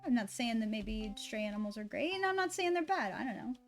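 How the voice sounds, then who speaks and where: A woman's voice: on the high side, sing-song, brisk, soft background music. A woman streamer chatting casually and rambling, swearing freely and talking to her dog between thoughts.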